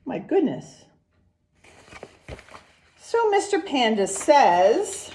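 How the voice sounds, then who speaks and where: Slow, gentle preschool teacher. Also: female voice, fairly high pitch, very animated. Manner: gentle, sing-song, lots of questions to the kids. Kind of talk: recorded lesson and read-aloud for young children.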